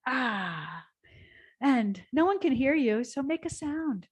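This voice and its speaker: Woman yoga teacher, slightly high voice, unhurried and soothing, breaks into cheering laughter. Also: sing-song, breathy edge. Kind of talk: guided gentle yoga class.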